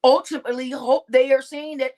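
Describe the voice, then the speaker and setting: A woman's voice: high voice, fairly even intonation, a little fast, warm tone. A woman hosting a casual livestream monologue, emphatic, often repeating words and asking "right?". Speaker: host of a conspiracy talk stream.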